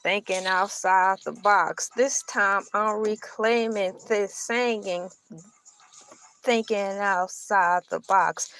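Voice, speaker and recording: A woman's voice: medium pitch, takes it slowly. A middle-aged woman vlogging in a casual, joking chat, often slipping into put-on voices. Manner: joking, animated, puts on voices.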